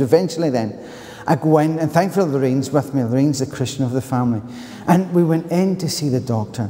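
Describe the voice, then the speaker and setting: Man, Glaswegian accent, sermon, mellow voice, long church reverb. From Scotland. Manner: animated storytelling, bursts into loud higher-pitched retorts. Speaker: preacher. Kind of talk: sermon with personal story.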